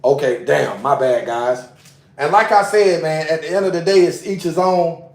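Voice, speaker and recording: A man's voice: a little high, normal speed, recorded from a distance. A man on a casual livestream, talking in an agitated, profane way and repeating himself, recorded away from the mic. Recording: roomy sound, away from mic.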